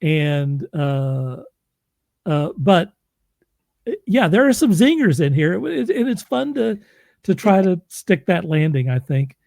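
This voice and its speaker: A man's voice: on the high side, big pitch swings, slow, gravelly, a little mellow, no echo, clean studio sound. A man who narrates audiobooks, chatting casually as host, laughing often and restarting his sentences. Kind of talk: casual chat.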